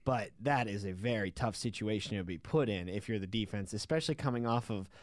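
A man's voice: lowish voice, a little fast, no room sound. A man co-hosting a sports talk show, analytically breaking down plays in a casual conversational manner. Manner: analytical, talks through plays at length. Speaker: sports podcast co-host.

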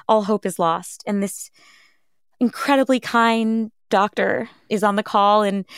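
Speaking in a smooth, mid-range voice, a thirty-something podcast host recounts her own experiences in an interview. The studio sound is clean with no echo. She comes across as sincere and introspective, often replaying others' words in animated fashion.

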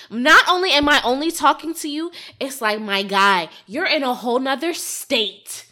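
A young woman on a podcast who talks loudly and with animation, laughs often, and uses emphatic slang. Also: high voice, animated, measured pace, few pauses, a little hiss or hum. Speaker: podcast co-host or guest. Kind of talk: casual podcast chat.

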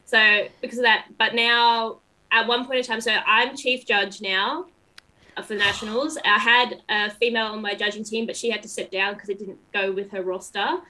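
Casting: young woman, bright and chatty, laughs a lot, video-call interview guest. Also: a little high, steady tone, normal speed, poor audio. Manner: bubbly, laughs often, chatty.

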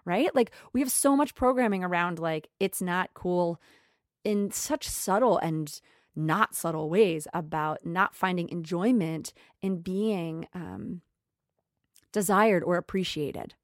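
A woman talking in an earnest, emotional way about her spiritual growth. She often repeats phrases and goes soft and slow. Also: lowish voice, no echo, studio quality. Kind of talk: reflective spiritual monologue.

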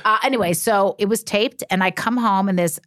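Chatty animated woman storyteller. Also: medium pitch, a little fast, no echo, clean studio sound. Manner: animated, chatty, self-interrupting. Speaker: reality TV personality, podcast guest. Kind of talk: casual storytelling chat.

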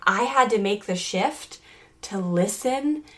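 A woman in her forties tells a story from home in a loose, chatty way, full of "like" and quick asides. Her voice sits at a middle pitch. She talks like a podcast host and parenting coach, animated and open. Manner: animated, chatty, many "like" fillers. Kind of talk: casual storytelling.

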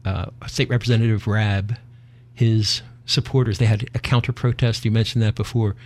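A man's voice: on the low side, fairly even intonation, moderate pace. A man hosting a talk show, chatting in a folksy, opinionated, half-joking way. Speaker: podcast host. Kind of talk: casual talk show banter.

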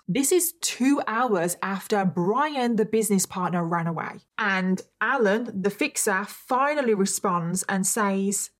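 Woman telling a true crime story. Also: medium pitch. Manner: chatty with wry rhetorical asides. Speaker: true crime podcast host.

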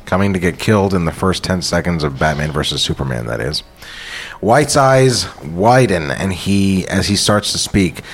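A man hosting a podcast, reading a screenplay aloud with deadpan, profane asides. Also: low voice, moderate pace. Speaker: podcast host. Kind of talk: script read-through with banter.

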